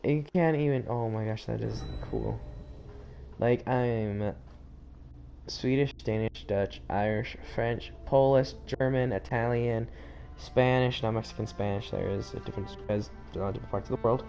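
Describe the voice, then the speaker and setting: Over game music, an American gaming channel host chats and rambles through a casual let's-play, frequently interrupting himself. His voice is gravelly and dark, medium-pitched and steady, delivered at a normal speed.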